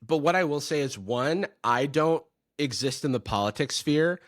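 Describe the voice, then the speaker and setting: A man guesting on a casual podcast, his voice a touch high for a man. He talks in a thoughtful, hesitant, wry way, recorded close and dry with no room sound. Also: animated, normal speed, no echo. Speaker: guest, YouTuber. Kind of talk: casual chat.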